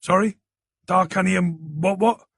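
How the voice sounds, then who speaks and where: A man's voice: high voice, fairly even intonation, unhurried, vocal fry, a bit bright, slightly rough, no room sound, studio quality, pitched above the performer's own voice, exaggerated voice. A man reading an audiobook plays a laid-back middle-aged man, bemused by technology.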